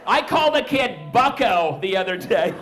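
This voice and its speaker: A man's voice: high voice, very animated, moderate pace. A man in his thirties doing a stand-up comedy set on a club stage, talking conversationally into a handheld mic. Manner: conversational, bursts into loud shrieking impressions of his kids. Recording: live club recording with audience laughter and noise. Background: audience laughing.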